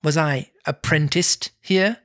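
A narrator voicing an old miser reading from a storybook, soft and slow. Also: mid-range voice. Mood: subdued. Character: old miser Scrooge, stirred and wistful.

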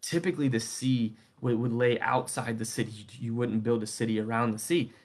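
A young adult man delivers a sermon in an easygoing, chatty way. His voice sits at an ordinary middle pitch, and he keeps checking in with the listeners. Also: steady tone, fairly quick. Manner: conversational, keeps asking "right?". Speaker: preacher. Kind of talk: casual sermon.

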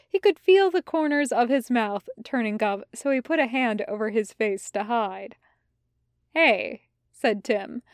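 A woman reading a fan story aloud as audiobook narration, in a measured, even storytelling manner. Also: on the high side, dry recording, clean studio sound. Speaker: podfic reader.

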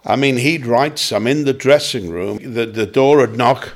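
An older man, a veteran comedian, recalling past colleagues in a relaxed chat and dropping into quick impressions. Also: mid-range voice, a little hiss or hum. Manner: anecdotal, slips into quick comic impressions. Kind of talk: reminiscing casual chat.

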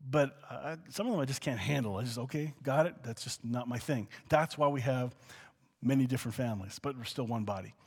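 A man preaching a conversational teaching sermon, animated, dropping to soft asides and rising to excited exclamations. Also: mid-range voice, brisk, slightly rough, big-room sound. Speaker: pastor.

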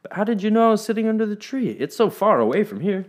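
A man's voice: high-pitched, sing-song, fast, pitched above the performer's own voice. Man voicing an earnest, eager young farm boy. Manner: earnest, pleading.

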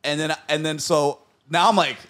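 Animated, swearing man telling a story. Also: on the high side, normal speed. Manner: animated storyteller, swears a lot, acts out quotes. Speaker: podcast host. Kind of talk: casual podcast chat.

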